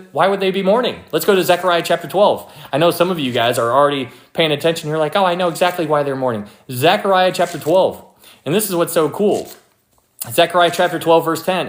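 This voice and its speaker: A young man leads a relaxed Bible teaching with an eager, conversational delivery. His voice sits a little high for a man, and he circles back over his references as he talks. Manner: enthusiastic, conversational, repeats verse references.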